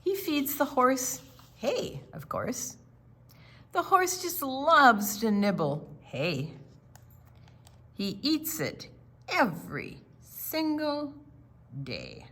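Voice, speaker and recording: An older woman reading a children's picture book aloud at a library story time. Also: sits high. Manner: slow, animated read-aloud. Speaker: storytime reader.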